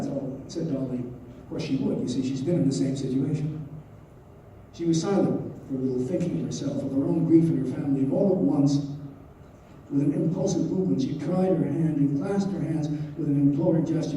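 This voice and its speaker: A man's voice: a little high, brisk, dark tone, slight background noise. A male professor giving a university lecture who explains a novel and reads passages aloud. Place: lecture hall. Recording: echoey lecture hall from far off.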